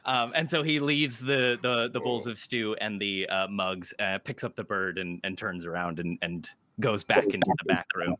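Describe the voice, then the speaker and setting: A man running a tabletop game as game master, narrating haltingly with many fillers. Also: on the low side, steady tone, sharp tone.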